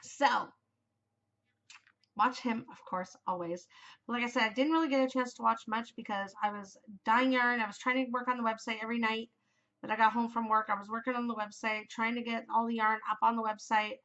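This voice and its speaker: A woman's voice: a little high, steady tone, a little fast, fairly bright tone, muffled recording. A woman in her forties hosting a knitting podcast, chatting casually and gushing, rambling with lots of fillers. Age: 40s. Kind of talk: casual chat.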